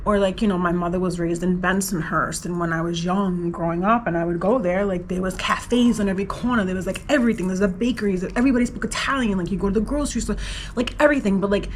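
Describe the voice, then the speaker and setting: New woman rambling in her travel vlog, emotional, says like a lot, medium pitch, faint hiss behind. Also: low-quality recording. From New York, USA. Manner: emotional, rambling, lots of "like" fillers. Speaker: travel vlogger. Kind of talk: casual personal vlog.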